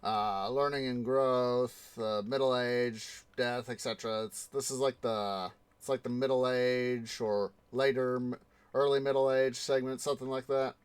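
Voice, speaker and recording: Slow, rambling male streamer. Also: medium pitch, steady tone, clean tone, no room sound. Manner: rambling, many ums and restarts. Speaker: gaming livestream host. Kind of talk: casual livestream chat while playing.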